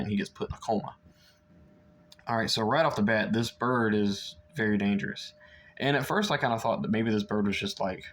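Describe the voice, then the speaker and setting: A young man chatting casually through a book review, rambling with lots of fillers and restarts. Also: fairly low pitch.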